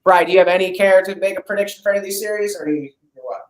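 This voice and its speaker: A man hosting a casual sports chat on a video call, excitable, teasing and swearing freely. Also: high-pitched, rapid-fire, reverberant, rough recording. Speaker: podcast host.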